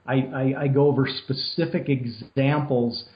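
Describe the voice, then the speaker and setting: A man from Arizona, a hunting guide, explaining technique in a phone interview in a relaxed, explanatory way with many fillers. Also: mid-range voice, measured pace. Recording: muffled phone line with room echo.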